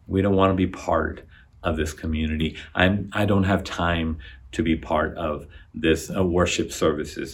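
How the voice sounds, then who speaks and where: A male pastor preaching a sermon, building to loud emphatic appeals, then dropping low on key phrases, with frequent repeated words.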